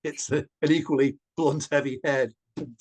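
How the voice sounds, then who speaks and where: Animated man storyteller, slightly high voice. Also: moderate pace. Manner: animated, with many repeated words and restarts. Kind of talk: interview answer.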